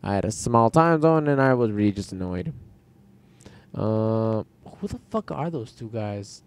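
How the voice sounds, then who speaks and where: A man's voice: on the low side, animated, unhurried, a little hiss or hum. A young man casually commentating his basketball video game, rambling, sarcastic and profane. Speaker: gaming channel host.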